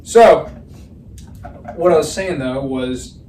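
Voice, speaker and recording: A man's voice: fairly high pitch, slow, darkish tone. A young man, co-hosting a podcast in casual chat, telling rambling stories and swearing freely. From Pennsylvania, USA. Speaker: podcast co-host. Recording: roomy, distant mic, faint noise.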